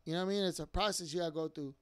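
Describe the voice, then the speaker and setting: A young man tells his church testimony in a casual, rambling way, full of fillers and asides. His voice sits high and sounds smooth and clear. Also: fairly even intonation, rapid-fire. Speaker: church member giving testimony.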